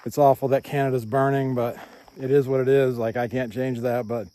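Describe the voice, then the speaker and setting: A man's voice: mid-range voice, level tone, a little fast, mellow, no echo. A man hiking and filming himself on a handheld phone outdoors, upbeat and chatty, repeating himself and laughing often, sometimes out of breath on hills. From New Hampshire, USA. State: out of breath while walking uphill. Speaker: hiking vlogger. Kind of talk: casual outdoor vlog. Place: outdoors on hilly rural roads and hilltops. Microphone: handheld phone camera.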